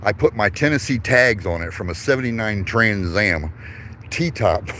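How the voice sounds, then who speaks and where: A man's voice: on the low side, expressive, a little slow, a bit bright, a little hiss or hum. Rambling, profane male storyteller. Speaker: vlogger. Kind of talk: casual storytelling.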